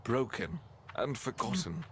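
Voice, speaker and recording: A wry, grandiose game narrator. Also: male voice, medium pitch, big pitch swings, measured pace, slight background noise.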